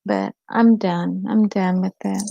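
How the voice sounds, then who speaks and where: A woman's voice: mid-range voice, steady tone, takes it slowly, gravelly, dark tone, no room sound. A woman hosting a casual livestream chat, rambling and answering viewers' comments by name. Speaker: livestream host. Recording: dull lo-fi stream audio.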